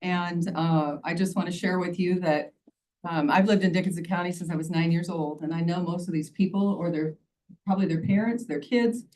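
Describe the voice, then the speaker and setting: At normal speed and with fairly even intonation, a sixty-something woman pleads earnestly during public comment at a county hearing. Her voice is fairly low and darkish, picked up by a distant mic in the county meeting room amid faint background noise.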